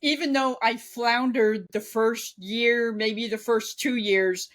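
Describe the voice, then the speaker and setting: A woman in her fifties speaks in an unhurried, measured way, her voice sitting a little high. She talks as a guest in a conversational interview, candid and chatty, with easy laughter. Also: fairly even intonation. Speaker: guest, author and former ghostwriter.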